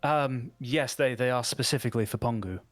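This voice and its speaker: A man running a tabletop game as game master, easygoing and halting. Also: mid-range voice, soft background music.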